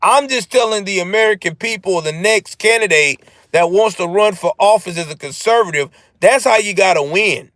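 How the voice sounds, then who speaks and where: High voiced guy ranting live and cussing, talking back to chat, dry sound. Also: normal speed, few pauses, no room sound. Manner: profane, animated, answers chat. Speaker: live-stream host. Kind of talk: ranting political commentary.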